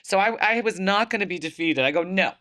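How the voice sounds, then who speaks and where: A woman hosting a podcast, telling an animated story full of acted-out quotes and frequent laughter. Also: medium pitch, quick pace. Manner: acts out quoted voices, laughs often. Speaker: podcast host.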